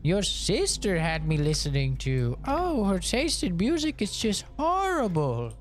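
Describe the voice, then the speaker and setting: A man voicing his prim, scandalized older mother in a high, genteel, prissy voice. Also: wildly swooping pitch, unhurried, full character voice.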